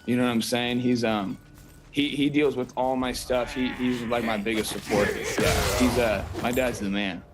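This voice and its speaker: A young man with a Northern California accent, a fighter being interviewed, talking in a relaxed, slangy way with lots of fillers. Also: mid-range voice, normal speed, over music, low-quality recording. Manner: laid-back, slangy, rambling with fillers. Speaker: fighter, guest. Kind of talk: casual interview.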